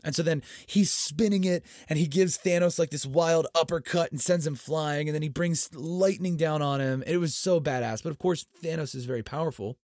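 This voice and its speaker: Excitable, foul-mouthed male storyteller. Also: fairly high pitch, moderate pace, few pauses, no room sound, clean studio sound. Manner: animated, profane storyteller with big swings in loudness. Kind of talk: excited casual movie recap.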